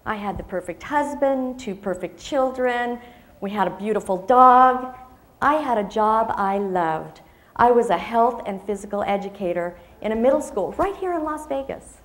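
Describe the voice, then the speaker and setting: A woman's voice: fairly high pitch, animated, moderate pace, echoey room. A woman in her fifties giving a motivational speech to an audience, telling a personal story expressively and acting out the dialogue. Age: 50s. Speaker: motivational speaker.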